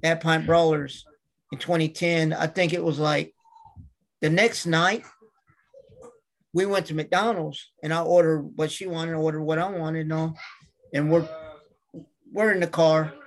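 A man's voice: on the high side, steady tone, unhurried, long pauses. A middle-aged man, a guest on an interview, telling casual anecdotes and acting out other people's lines. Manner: acts out the voices of people in his stories. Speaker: interview guest, wrestler and manager.

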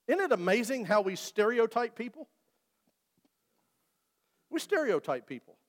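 A man's voice: extremely high pitch, very animated, unhurried, long pauses. A man preaching a sermon in a church, talking to the congregation in a conversational way and joking with them. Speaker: pastor. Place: church sanctuary. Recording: long reverb of a church hall.

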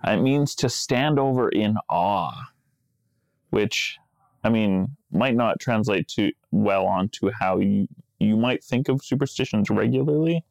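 A man's voice: lowish voice, expressive, unhurried, gravelly, a little mellow, no room sound. A man co-hosting a podcast in casual chat, wry and joking, laughing often. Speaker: podcast co-host.

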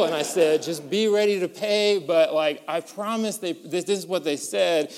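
Animated pastor with a resonant voice. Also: male voice, on the high side, moderate pace, hardly any pauses. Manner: animated storyteller, builds to excited peaks. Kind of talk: sermon with storytelling. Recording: long hall reverb.

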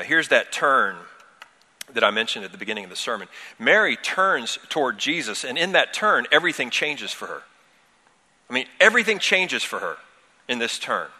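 A man's voice: mid-range voice, sharp tone. A middle-aged man pastor preaching a sermon earnestly, telling personal stories. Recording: long hall reverb.

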